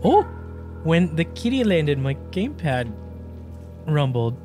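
A woman's voice: sits low, very animated, slow, dark tone, soft background music, poor audio. Gushing, giggly woman playing a game. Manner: gushing, giggly, lots of delighted gasps and exclamations. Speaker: gaming YouTuber. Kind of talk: let's play commentary.

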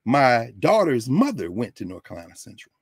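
Man doing a weary homeless man, soft, low, easygoing, gravelly. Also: wildly swooping pitch, a little fast, dry recording, studio quality, exaggerated voice. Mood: quiet, weary.

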